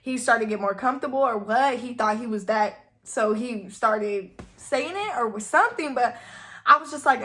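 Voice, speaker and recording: A woman's voice: fairly high pitch, moderate pace, fairly bright tone. A young woman telling a casual storytime, chatty and full of "like,". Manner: chatty, heavy use of "like". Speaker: vlogger.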